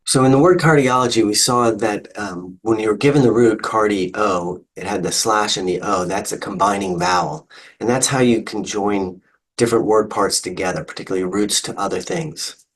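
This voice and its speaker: A man's voice: fairly low pitch, moderate pace, poor audio. A male instructor explaining terms patiently in a recorded online lecture. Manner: patient, explanatory, with fillers and restarts.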